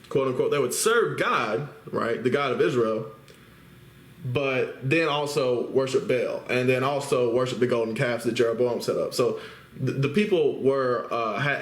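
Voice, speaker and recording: A man teaching the Bible, reading scripture aloud and then explaining it in casual talk, often checking in with listeners through tag questions. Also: mid-range voice. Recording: roomy echo.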